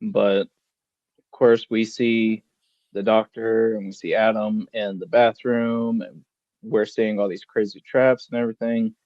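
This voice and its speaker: A man's voice: lowish voice, flat delivery, unhurried, darkish tone, dry recording, dull audio. A man co-hosting a casual podcast about horror films, steadily recounting a film plot. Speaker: podcast co-host.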